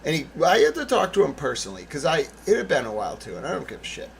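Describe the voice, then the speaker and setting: A man's voice: a little high, wildly swooping pitch, racing, creaky, a little hiss or hum, poor audio. A man hosting his own channel, delivering a blunt, profane, sarcastic political monologue. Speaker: channel host.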